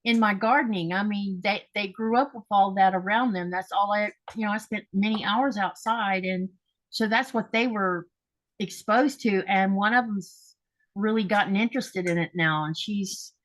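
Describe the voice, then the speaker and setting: A middle-aged woman hosting a podcast, asking interview questions in a relaxed, conversational way. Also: mid-range voice, normal speed. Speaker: podcast host.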